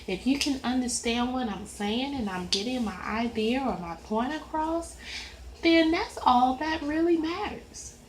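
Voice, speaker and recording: A woman with a Southern US accent and a high voice chatting casually while she colors, rambling in an easygoing way. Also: measured pace, reverberant, a little hiss or hum, poor audio. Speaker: coloring video creator. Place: at home at a coloring desk.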